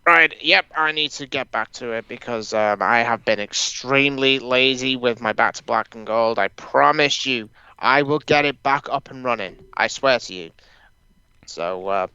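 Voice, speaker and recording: Man, podcast co-host, casual chat, crisp bright voice, dry sound. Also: medium pitch, no echo, dull audio. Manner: loud, laughs, swears casually.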